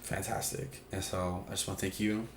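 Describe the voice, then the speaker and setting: A man's voice: sits low, level tone, normal speed, a little hiss or hum. A man hosting an advice stream, with a chatty, joking manner and casual swearing. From Puerto Rico. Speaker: stream host. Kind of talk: casual chat. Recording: echoey room.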